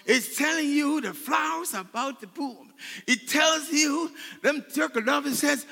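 A male pastor preaching a sermon, leading his congregation in call and response and swinging between loud shouts and hushed tones. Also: very high voice, measured pace, gravelly, big-room sound. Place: church sanctuary.

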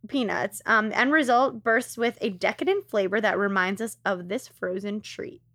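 A woman's voice: mid-range voice, moderate pace, fairly bright tone, no room sound, clean studio sound. A woman co-hosting a casual podcast, rambling along with frequent giggles and restarts. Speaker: podcast co-host.

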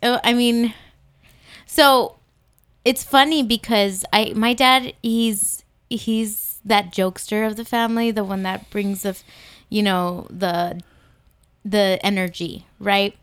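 This young adult woman co-hosts a church podcast, chatting casually with a smooth, medium-pitched voice. She's expressive and playful and reacts quickly. The recording has no room sound.

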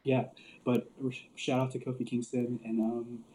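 A man's voice: medium pitch, little pitch movement, normal speed, background noise. A man telling wrestling stories in casual chat, loose and profane, laughing often and filling with "like". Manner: loose storyteller, swears a lot, laughs often, many "like" fillers. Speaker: podcast co-host.

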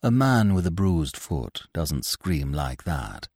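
A man's voice: rumbling low, sing-song, takes it slowly, a little mellow, dry recording, studio quality, voice pushed down, exaggerated voice. A man voicing a skeptical, matter-of-fact older woman.

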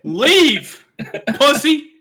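A drunk man hosting a podcast, telling a story in a profane rant with loud outbursts. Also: extremely high pitch, sing-song, drawn-out words, background noise. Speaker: podcast host. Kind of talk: casual drunk chat.

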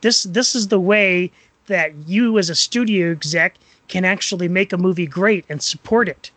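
A man co-hosting a podcast, talking in a thoughtful, measured casual chat. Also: high voice, a bit bright, no room sound. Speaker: podcast co-host.

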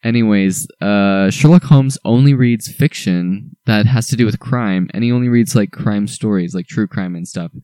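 Young man, podcast co-host, low mellow voice, rambling eager chat, dry recording. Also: normal speed, hardly any pauses, smooth, no room sound. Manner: rambling, enthusiastic, many restarts.

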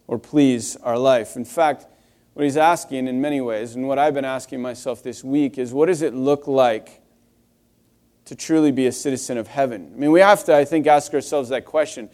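A man's voice: medium pitch, dark tone. A young adult man preaching a sermon in a conversational, wry storytelling way, with frequent restarts. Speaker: pastor.

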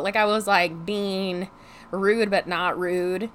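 A young woman telling a frustrated storytime vlog in casual chat, animated and exasperated, swearing freely and saying "like" constantly. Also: on the low side, normal speed, a little hiss or hum. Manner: heavy use of "like" as filler. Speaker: vlogger.

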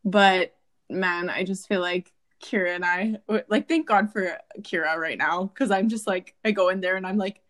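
Swearing, animated young woman chatting. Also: medium pitch, moderate pace. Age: 20s. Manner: swears freely, acts out quoted voices. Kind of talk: casual chat.

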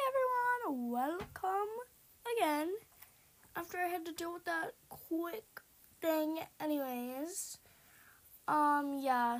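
A young woman commentating her own horror game play in a jumpy way, dropping to hushed whispers and then bursting into loud panicked exclamations. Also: high voice. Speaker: gamer.

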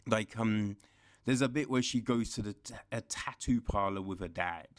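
A man's voice: lowish voice, moderate pace. A man ranting casually about a show's bad acting, exasperated and rambling, full of fillers and swearing, tired from being up in the small hours. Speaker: show reviewer. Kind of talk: casual rant.

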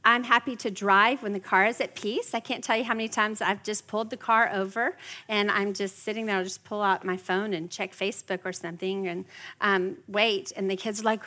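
A woman's voice: medium pitch, fairly even intonation, brisk, bright, forceful tone. A middle-aged woman teaching a parenting class in a chatty way, often checking in with her listeners. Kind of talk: workshop teaching to a live group.

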